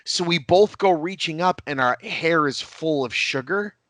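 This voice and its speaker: A man's voice: a little high, expressive, measured pace, a bit bright, no room sound. Brief: male podcast guest, rambling storyteller, laughs often, dry close sound. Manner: rambling, laughs at own stories. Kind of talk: casual anecdotal storytelling.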